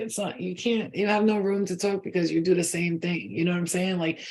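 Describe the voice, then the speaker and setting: A woman's voice: lowish voice, steady tone, fast. Chatty rambling woman giving a spiritual reading. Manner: rambling, chatty, swears casually. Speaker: spiritual reader. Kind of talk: casual channeled reading to viewers.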